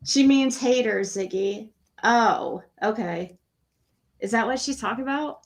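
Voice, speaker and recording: A woman's voice: fairly high pitch, unhurried. A woman hosting a casual late-night livestream chat, reading cards for a guest in a rambling way, with many fillers, over a video call.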